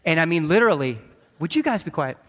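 A man preaching in a large church, his slightly high voice trailing off into a long hall reverb. He tells his story with energy and acts out the voices he quotes. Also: fast talker, a little hiss or hum. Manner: animated storytelling, acting out quotes. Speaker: pastor. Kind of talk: sermon with personal story.

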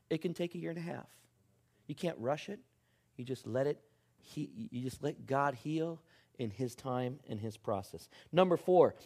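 A middle-aged man preaching a sermon as a pastor, swinging from loud emphatic lines to hushed, almost whispered ones. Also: medium pitch.

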